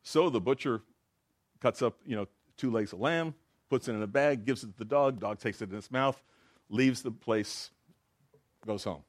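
A man's voice: mid-range voice, normal speed, pauses often, no room sound, studio quality. A man giving informal, conversational Bible teaching, telling jokes along the way. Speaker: preacher.

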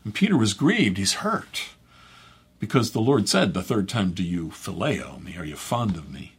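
A man speaking as a pastor, teaching through a scripture passage in a conversational, halting way and correcting himself as he goes. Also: sits low, sing-song, husky. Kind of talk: bible teaching.

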